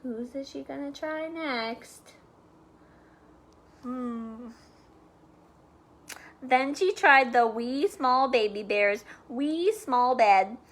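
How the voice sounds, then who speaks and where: A woman reading a storybook aloud to children, with playful chatty asides and soft whispers. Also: sits high.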